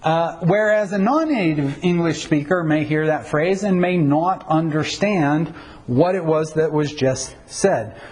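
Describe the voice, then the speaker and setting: A man's voice: fairly high pitch, measured pace, a little mellow, low-quality recording. A middle-aged man pastor giving an informal teaching talk on Bible translation, conversational and wry, stopping often to correct himself. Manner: conversational, self-correcting, uses anecdotes and wry humor.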